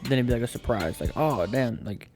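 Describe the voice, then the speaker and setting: A man's voice: mid-range voice, animated, a little fast, a little mellow, soft background music. A young man co-hosting a casual podcast, rambling with lots of fillers. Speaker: podcast co-host.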